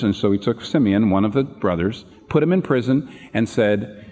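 A man preaching, his voice swinging widely in pitch as he tells the story. He acts out the characters' lines. His voice rings with a long reverb, as if in a large sanctuary. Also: moderate pace. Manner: animated storytelling, acting out quoted lines. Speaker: pastor. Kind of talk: sermon retelling a Bible story. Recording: reverberant hall.

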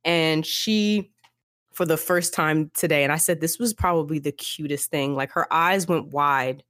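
A woman co-hosting a podcast, telling the story in a lively, casual way full of "like" fillers. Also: sits low, a little slow, dry recording, clean studio sound. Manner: animated storytelling, many "like" fillers, acts out characters. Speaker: podcast co-host. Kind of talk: casual book-discussion chat.

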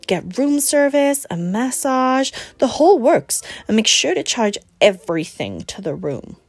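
A woman voicing a lively young woman who is a protective best friend, emphatic and teasing, raising her pitch for the part. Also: measured pace, no echo, exaggerated voice.

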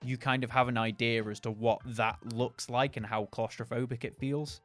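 A male podcast host reads a horror story aloud in a measured, dramatic voice at an ordinary middle pitch, then slips into easy chat with a co-host. Soft music sits faintly underneath. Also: steady tone.

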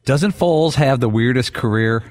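A man's voice: mid-range voice, moderate pace. A man, a regular on a sports talk show, giving his emphatic take.

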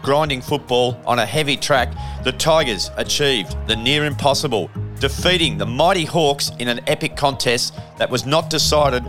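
Male documentary narrator over guitar. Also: medium pitch. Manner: steady, measured read of scores and names. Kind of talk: scripted narration.

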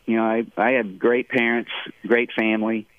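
A golfer in his fifties from Rhode Island, with a Rhode Island accent softened by a Southern lilt, talks in a rambling, halting way with laughs. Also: fairly low pitch, level tone, no echo. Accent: Rhode Island mixed with Southern US. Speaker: pro golfer guest. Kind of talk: casual interview on a phone line. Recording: tinny phone line, dry.

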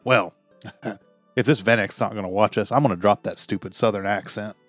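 A man's voice: fairly low pitch, moderate pace, no room sound, soft background music. A man playing a tabletop role-playing game, speaking with hesitant fillers and laughing between lines. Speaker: player. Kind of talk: tabletop game play, casual banter.

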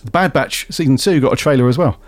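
A man hosting a casual podcast, relaxed and steering the talk along. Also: medium pitch, fast talker. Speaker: podcast host. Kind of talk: casual chat.

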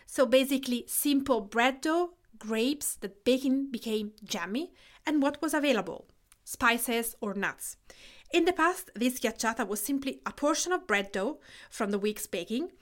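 Italian accent woman in her 30s reading her cooking podcast, slightly high voice, calm measured phrases. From Tuscany, Italy. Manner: measured, listing in short phrases. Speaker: podcast host and cook. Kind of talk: scripted podcast narration.

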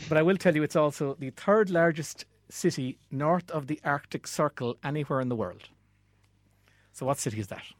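A man hosting a quiz, reading out questions clearly with chatty asides. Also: on the high side, normal speed, dry recording. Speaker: quizmaster.

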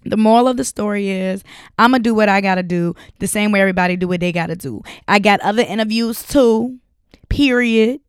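A woman's voice: medium pitch, brisk, smooth, dry recording, studio quality. A young woman hosting a solo podcast, talking bluntly with lots of profanity and frequent laughter. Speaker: podcast host.

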